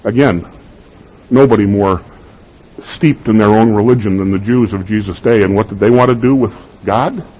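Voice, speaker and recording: Husky guy giving an emphatic sermon, repeats stuff for punch, muffled recording. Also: on the low side, moderate pace. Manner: emphatic, repeats key phrases, rising on stressed words. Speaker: preacher.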